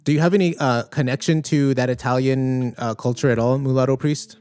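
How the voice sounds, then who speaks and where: A man's voice: medium pitch, brisk, clean tone, dry recording, faint music behind. A man hosting a livestream podcast, chatting casually and reading out viewer comments with many fillers. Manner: relaxed, conversational, thinks aloud with many fillers.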